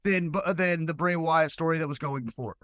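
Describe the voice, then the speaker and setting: A man with a high voice co-hosts a casual podcast, rambling and hesitant, often restarting his sentences. The sound is dry and close. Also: a little fast, fairly bright tone, no echo. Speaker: podcast co-host. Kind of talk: casual discussion.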